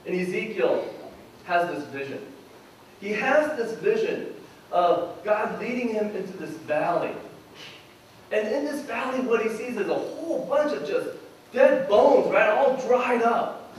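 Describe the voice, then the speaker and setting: A man preaching with a fairly high voice, retelling scripture in a lively, theatrical way. He is picked up from a distance, so his words ring through a very reverberant church hall. A faint hum sits underneath. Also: unhurried. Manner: animated storyteller, acts out biblical dialogue. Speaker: pastor. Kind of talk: sermon. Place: church sanctuary. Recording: very echoey church hall from far off.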